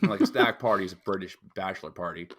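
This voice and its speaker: A man's voice: low voice, quick pace, crowd noise. A man from the United States co-hosting a podcast, chatting casually in a rambling, crude way. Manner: rambling, crude, full of restarts. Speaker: podcast co-host. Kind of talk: casual chat.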